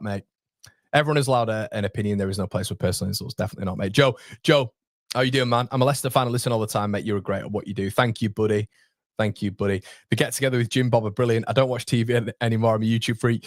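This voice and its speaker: A young man hosting a casual live fan stream, chatting with viewers and reading their comments, matey and quick to laugh. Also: medium pitch, no room sound, clean studio sound. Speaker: fan channel host reading live chat. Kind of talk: casual live watchalong chat.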